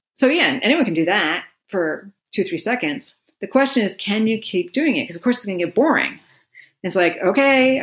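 Casting note: a middle-aged woman, relaxed talk-show guest, laughs a lot and says "you know" a lot. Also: medium pitch, vocal fry. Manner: laughs often, many fillers like "you know". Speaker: meditation expert guest. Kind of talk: casual conversational explaining.

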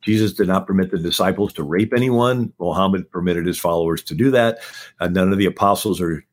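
A man with a lowish voice runs through history as a show guest. He talks fast and stacks point upon point without stopping. It sounds like a quick-fire lecture delivered in conversation. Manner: talks fast, packing in facts one after another.

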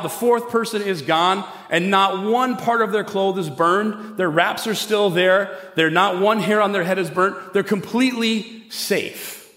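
High-voiced preacher in an echoing hall. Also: male voice, fairly bright tone. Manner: casual storytelling, conversational asides. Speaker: pastor. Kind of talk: sermon. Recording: echoey hall with long reverb.

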